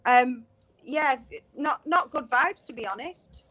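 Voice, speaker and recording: A woman's voice: sits high, slow pace, a bit bright. A woman with a Wigan accent, speaking as a guest on a video call, blunt and clipped.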